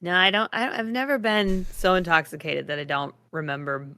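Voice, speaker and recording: A woman's voice: lowish voice, steady tone, fairly quick, pushed and bright, no room sound. A woman co-hosting a podcast in casual chat, laughing along and adding teasing, dry quips. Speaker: podcast co-host.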